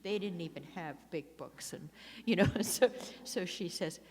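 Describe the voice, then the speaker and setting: A woman's voice: fairly low pitch, measured pace, darkish tone. An older woman speaking at a recovery meeting, chatty and self-mocking, with many laughs and restarts. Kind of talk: personal recovery talk. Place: meeting hall. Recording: long echo of a hall.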